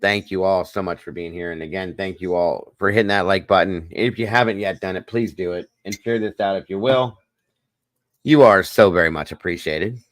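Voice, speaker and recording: Deep-voiced man chatting on a livestream. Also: moderate pace, no echo. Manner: chatty, talks to viewers by name, wired on coffee. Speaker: livestream host. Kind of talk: casual livestream chat reading comments.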